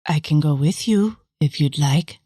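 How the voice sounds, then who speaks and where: Guy putting on a calm young woman for an audiobook, soft breathy mellow voice, dry wry tone. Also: fairly high pitch, measured pace, no echo, pitched above the performer's own voice. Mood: cool, dry. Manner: light and sarcastic. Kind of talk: audiobook character voice.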